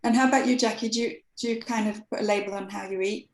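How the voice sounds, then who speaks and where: A woman's voice: mid-range voice, fairly even intonation, quick pace. A woman host asking her guests curious questions in a casual interview. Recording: echoey room.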